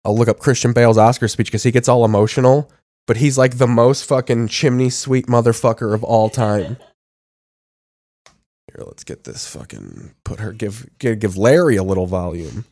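A man's voice: mid-range voice, moderate pace, a little mellow, dry recording. Sick, rambling male podcast host. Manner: rambling, crude, joking. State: sick with covid, congested. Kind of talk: casual profane chat.

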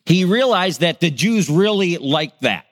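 A man's voice: high voice, a little slow, long reverb tail. A middle-aged male pastor, telling stories in a sermon and acting out the voices in them. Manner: animated storyteller, acts out quoted voices. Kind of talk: sermon with personal storytelling.

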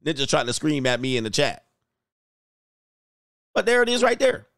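A young man giving casual, crude reaction commentary, loud and animated, laughing often. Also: a little high, moderate pace, pauses often, dry recording, clean studio sound.

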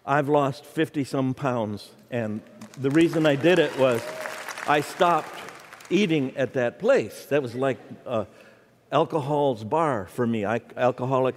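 A man's voice: medium pitch, unhurried, a faint crowd, a little hiss or hum. A middle-aged man preaching a humorous sermon in a church, telling stories and joking with the audience. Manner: storytelling, animated, jokes with the audience. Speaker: guest preacher. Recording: church hall reverb.

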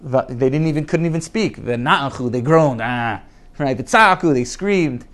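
A man's voice: a little high, moderate pace, a bit bright. A man teaching a Torah class in an earnest way, repeating words for emphasis and reading Hebrew quotes aloud before translating them.

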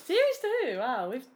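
A young woman co-hosting a podcast, teasing her friend playfully in casual chat. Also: high-pitched. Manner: teasing, playful, bursts into silly humming. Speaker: podcast co-host.

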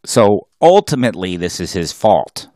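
A man's voice: sits low, sing-song, moderate pace, mellow, dry recording, clean studio sound. A man co-hosting a podcast, chatting casually with joking, profane asides. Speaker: podcast co-host.

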